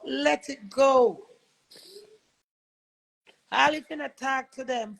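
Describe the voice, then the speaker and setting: A woman's voice: high-pitched, slow pace, vocal fry, pauses often, low-quality recording. A woman with a Jamaican accent on a live stream, earnest and preachy, switching between patois and English, emotional while recovering from illness. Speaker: livestreamer.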